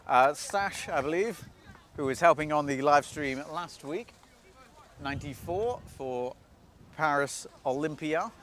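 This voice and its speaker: A man giving solo live play-by-play commentary beside an outdoor pitch, chatty and self-deprecating, often losing track of team names. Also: fairly bright tone. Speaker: sports commentator.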